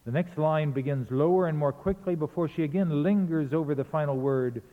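A man's voice: fairly high pitch, a little fast. Lecturing man, tinny and echoing. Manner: explains verse rhythm, chants beats aloud to demonstrate. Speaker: literature lecturer. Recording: tinny phone-like sound in a reverberant hall.

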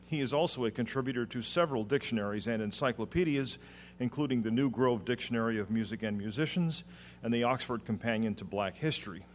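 Guy introducing a speaker at a conference, reading it off smoothly, faint hum behind. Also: medium pitch, quick pace. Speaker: conference host.

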